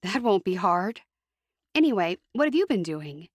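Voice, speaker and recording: A woman's voice: medium pitch, sing-song, normal speed, dry recording, clean studio sound. A woman voicing a peeved young Amish woman who answers in curt, sulky replies.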